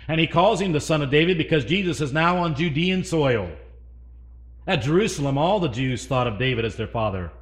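A man preaching a sermon, swinging between loud emphasis and hushed asides and asking the congregation questions. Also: fairly high pitch, animated, a little fast.

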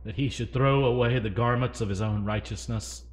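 Here a preacher with a medium pitch and moderate pace moves from loud, emphatic lines to hushed remarks. He keeps questioning the congregation throughout his sermon.

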